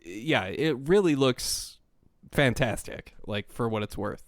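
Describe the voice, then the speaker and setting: A man's voice: medium pitch, lively intonation, takes it slowly, no room sound, clean studio sound. Rambling man chatting on a podcast. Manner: rambling, heavy use of "like" fillers. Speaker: podcast co-host. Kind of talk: casual chat.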